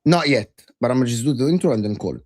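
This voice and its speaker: A man's voice: medium pitch, animated, rapid-fire, darkish tone, no room sound, studio quality. A young man on a casual football panel, teasing and blunt.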